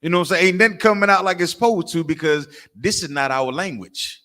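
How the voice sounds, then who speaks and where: In a high-pitched, bright, forceful voice, a fast-talking man with a Southern US accent leads a street class. He preaches his lesson with asides, emphatically and repetitively, calling on others by name.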